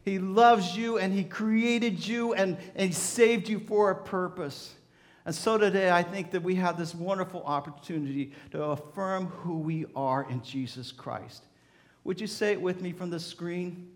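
A man preaching a storytelling sermon, animated, swelling and softening, often repeating words. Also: high-pitched, normal speed. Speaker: pastor.

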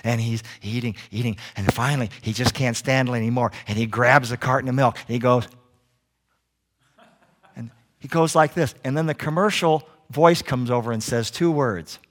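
A man preaching a sermon as a guest preacher, telling animated stories and joking with the congregation. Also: mid-range voice, moderate pace. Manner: animated storytelling, acts out little scenes; jokey with the congregation.

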